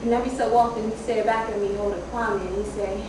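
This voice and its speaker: On a theater stage, a woman performs an intense monologue as a young mother recounting a harrowing story about her children's father, shouting at the peaks. Her mid-range voice is steady and fast and lightly acted, heard from far off in an echoey hall with background noise.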